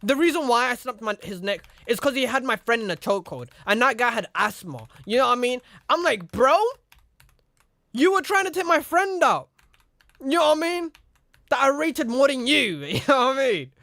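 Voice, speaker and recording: A man's voice: extremely high pitch, big pitch swings, fairly quick, bright, forceful tone, no room sound. A young man casually telling a rambling story, repeating "you know what I mean" and acting out the people in it. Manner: acts out the other people in his story. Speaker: streamer.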